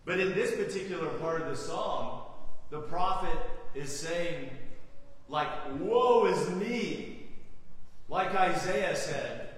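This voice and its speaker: A man's voice: on the high side, unhurried, a bit bright. A man preaching a sermon as pastor, earnest, with dramatic emphasis when he voices the prophet's cries. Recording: echoey hall from far off.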